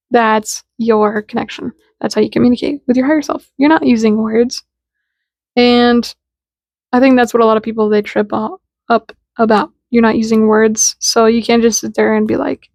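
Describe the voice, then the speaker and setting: A woman with a somewhat high voice talks casually about spirituality, chatty and full of slang. She keeps slipping into little acted-out exchanges to make her point. The sound is dry and close, with no room echo. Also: flat delivery, moderate pace, gravelly, a little mellow. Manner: chatty and informal, acts out little dialogues in quotes; slangy, with lots of "like" fillers. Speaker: spiritual content creator. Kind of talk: casual spiritual talk to camera.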